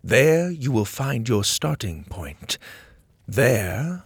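A man voicing a solemn, wise male servant of light, speaking in a slow and grave way. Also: mid-range voice, very animated, slightly rough, no room sound, heavily acted.

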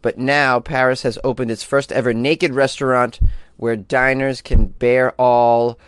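A man's voice: medium pitch, measured pace, smooth, no echo. Jokey male weird-news host, dry sound. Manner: animated, jokey, laughs at his own lines. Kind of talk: comedic news commentary.

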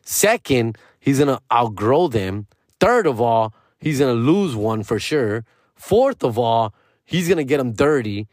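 A man in a loose, profane rant, dropping Spanish phrases as he goes. His pitch swings high and low from line to line. The sound is close and dry, with no room around it. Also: a little slow, no echo. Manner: profane slangy talk, switching into Spanish phrases; animated, pitch jumping up and down. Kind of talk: casual rant.

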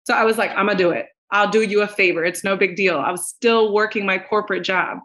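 A woman guest on a podcast, telling her story in an expressive way and talking straight to the listeners. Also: mid-range voice, fast, rough recording. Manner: expressive, acts out quoted voices, addresses listeners directly. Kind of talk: animated storytelling.

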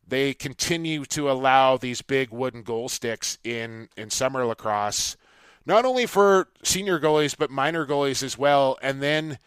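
A man hosting a sports talk show with a fairly high, smooth, resonant voice. He talks in an energetic, emphatic way. The sound is dry and close. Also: no room sound. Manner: energetic, emphatic, says "uh" now and then. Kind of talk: casual sports radio chat.

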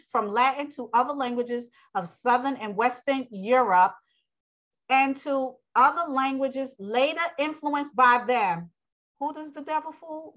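A woman teaching a religious lesson, reading aloud slowly, stumbling over words and asking and answering her own questions. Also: on the high side, fairly bright tone. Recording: dull lo-fi audio.

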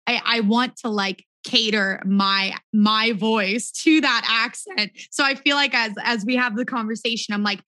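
A woman's voice: fairly high pitch, fairly even intonation, measured pace, few pauses, bright, forceful tone, no room sound, rough recording. A woman hosting a podcast, talking enthusiastically and casually with her guest. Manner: enthusiastic, upbeat. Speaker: podcast host. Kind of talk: casual interview conversation.

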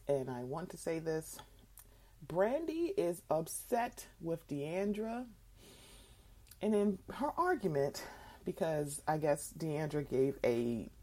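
A woman's voice: low-pitched, dark tone. A woman guest podcaster giving blunt, sarcastic commentary in a casual way.

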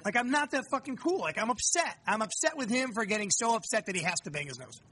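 A man's voice: high-pitched, very animated, quick pace, sharp tone. A man in his forties, a guest author, telling candid stories about fatherhood in casual conversation, with frequent swearing. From United States.

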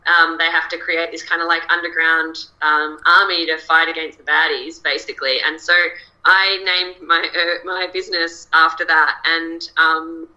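A woman's voice: low-pitched, little pitch movement, normal speed, bright, forceful tone, poor audio. A chatty Australian woman, a coach, talking as a guest over a video call and laughing often. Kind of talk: casual interview chat.

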